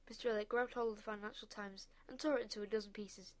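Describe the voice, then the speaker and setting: Expressive woman reading a storybook. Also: medium pitch, fast. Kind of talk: storybook narration.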